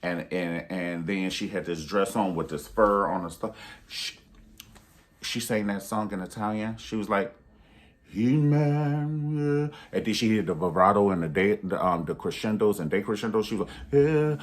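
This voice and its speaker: Animated man telling stories, slightly low voice. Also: normal speed. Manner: animated storytelling, acts out quotes in high voices. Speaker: YouTube reviewer. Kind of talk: casual review vlog.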